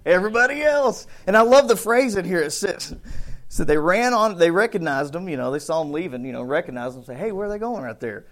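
A man preaching a casual, conversational sermon, acting out bits of the story with shouts and voices. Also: high voice, lively intonation, brisk. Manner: conversational, thinks aloud with restarts. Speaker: pastor.

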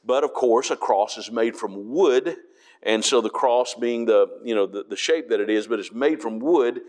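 A man's voice: medium pitch, moderate pace, a little mellow. A man preaching a Bible study, reading verses aloud and explaining them with frequent restarts.

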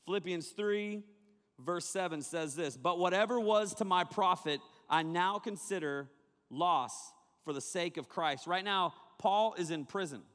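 A man preaching to a young crowd as a youth pastor, joking and animated, talking straight to his listeners. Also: sits high, unhurried, in a large hall. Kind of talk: sermon.

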